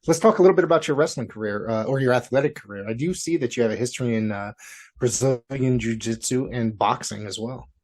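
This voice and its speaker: A man's voice: medium pitch, fast, darkish tone. A man hosting an interview, speaking hesitantly with many fillers. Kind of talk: conversational interview.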